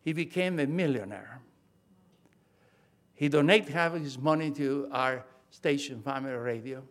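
A man's voice: mid-range voice, normal speed. An older man preaching a sermon, talking emphatically, repeating key phrases and often restarting his sentences.

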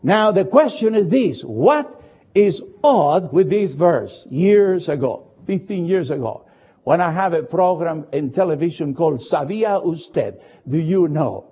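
Preaching in native English, a man recounts a story slowly and dramatically, his high, expressive voice going up and down. The tone is dark and husky, and he shifts suddenly between loud and soft passages, all on a dull, lo-fi recording.

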